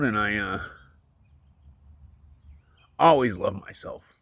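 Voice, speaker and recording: Low gravelly guy in his 40s or 50s rambling about his life, raspy, lots of uh and you know, gets emotional and drops almost to a whisper. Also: expressive, pushed and bright, no echo. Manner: rambling, halting, many fillers and restarts. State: emotional, voice dropping to near whisper. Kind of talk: candid personal vlog monologue.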